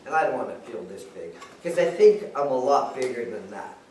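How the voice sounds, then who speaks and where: A man's voice: mid-range voice, very animated, brisk, darkish tone, recorded from a distance, a little hiss or hum. Joking man in a very echoey room. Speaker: club speaker. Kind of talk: impromptu club speech. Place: meeting room.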